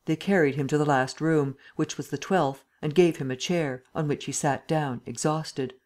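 A woman narrating a classic detective novel as an audiobook, steady and unhurried. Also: low-pitched. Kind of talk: scripted narration.

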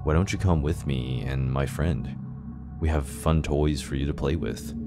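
A man's voice: a bass voice, unhurried, loud music behind the voice. A man voicing a nervous, creepy adult male stranger in a horror story. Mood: nervous coaxing. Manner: shaky, hesitant.

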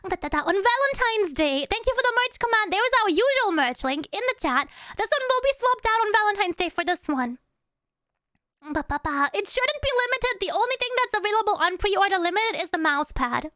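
A woman's voice: extremely high pitch, very animated, fairly quick, hardly any pauses, bright, forceful tone, no room sound, clean studio sound. A woman live-streaming in casual chat, greeting and thanking viewers one by one and humming little nonsense syllables between sentences.

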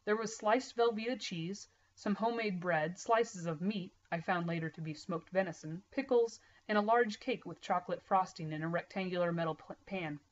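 A woman reads a novel aloud at a steady pace, her voice sitting a little low. The sound is dull and lo-fi, a plain home read-aloud. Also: moderate pace, few pauses. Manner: steady, plain narration with small slips. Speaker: reader.

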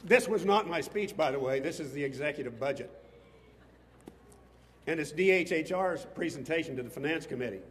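Male politician, passionate rally speech, slightly high voice, long reverb off the PA, faint noise. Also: animated, fairly quick, a bit bright. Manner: impassioned, rising to emphatic bursts. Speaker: state legislator addressing a rally. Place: outdoors on capitol steps before a crowd.

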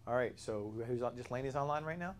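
A man's voice: mid-range voice, animated, quick pace, a little hiss or hum. A man leading a Bible study class, explaining in an earnest way with frequent restarts and self-corrections.

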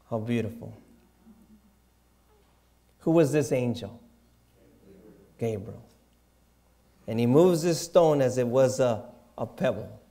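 A man preaching with a slow, unhurried delivery. His voice is dark and mellow, and his tone is reverent, sinking into quiet, hushed asides. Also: medium pitch. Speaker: pastor. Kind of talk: sermon.

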